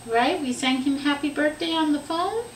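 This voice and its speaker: A woman's voice: high-pitched, moderate pace, slight background noise. A young woman, a parent, patiently quizzing her small child on animal sounds in a home video, in a sing-song questioning way. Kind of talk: home video, coaxing a toddler. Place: home living room. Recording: roomy home camcorder sound from a distance.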